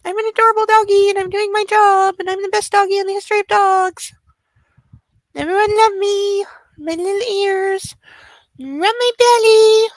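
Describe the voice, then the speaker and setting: A woman's voice: extremely high pitch, steady tone, normal speed, dry recording, pitched above the performer's own voice. A woman voicing an eager, affectionate male puppy who wants belly rubs, babbling in run-on baby talk. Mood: gleeful.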